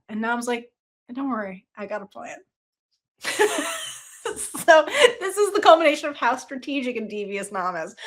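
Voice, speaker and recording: A woman chatting through a book review, her voice swinging widely as she acts out quoted lines. She sits a little high in pitch and breaks into laughter again and again. Her talk is loose and casual, with the odd swear word. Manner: laughs often, animated retelling with quoted dialogue.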